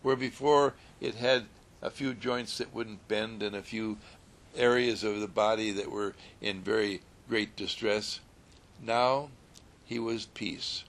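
A man telling a story in a gentle, soothing sermon style, repeating calm affirmations. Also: fairly low pitch, takes it slowly.

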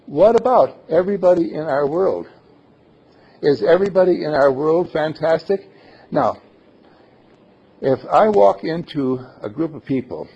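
A man preaching a sermon to his congregation in a playful, animated way, laughing often. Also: fairly high pitch, vocal fry, husky. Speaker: minister. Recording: dull lo-fi recording.

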